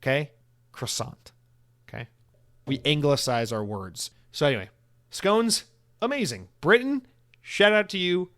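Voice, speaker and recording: Rambling, swearing American podcast host. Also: male voice, on the high side, lively intonation, moderate pace, fairly bright tone. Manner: rambling, profane, lots of restarts and "like". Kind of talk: casual solo podcast monologue.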